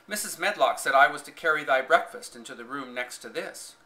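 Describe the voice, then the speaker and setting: A man's voice: mid-range voice, lively intonation, brisk, sharp tone, low-quality recording. A man voicing a young housemaid with a broad Yorkshire accent, blunt and cheerful in manner. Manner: broad dialect, hearty and forthright.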